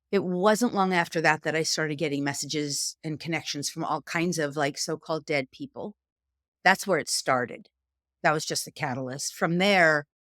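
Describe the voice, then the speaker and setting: A woman's voice: low voice, no room sound. Middle-aged woman, New York accent, chatty storyteller, dry close sound. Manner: animated, chatty, uses "like" often. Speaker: guest, psychic and spiritual teacher. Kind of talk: conversational storytelling.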